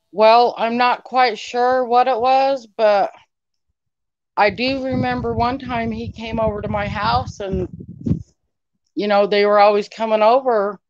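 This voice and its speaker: A woman being interviewed tells a personal story in a rambling, emotional way, acting out the dialogue of the people involved. It's casual storytelling in a medium-pitched voice, and the audio sounds dull.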